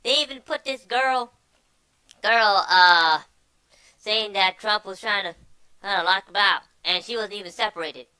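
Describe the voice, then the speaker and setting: A woman's voice: medium pitch, unhurried, sharp tone, clean tone, no echo, low-quality recording. A woman hosting a news show, reading articles aloud with sarcastic asides and frequent stumbles and repeated words.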